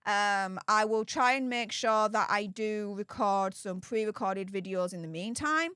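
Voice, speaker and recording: A woman's voice: mid-range voice, measured pace, pushed and bright, clean tone, no room sound, clean studio sound. A woman with a Yorkshire accent hosting a casual livestream, bubbly and effusive as she greets viewers one after another. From England. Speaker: livestream host. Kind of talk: casual livestream chat with viewer shout-outs.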